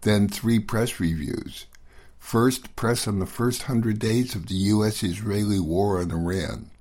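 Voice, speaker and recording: A man hosting and producing a news review radio show, reading a script in a measured, steady way. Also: fairly low pitch, breathy edge.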